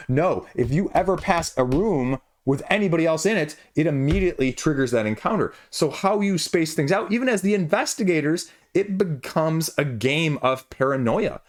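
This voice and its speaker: A man's voice: fairly high pitch, lively intonation, moderate pace, hardly any pauses. Man reviewing a board game casually. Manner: conversational, rhetorical questions, asides.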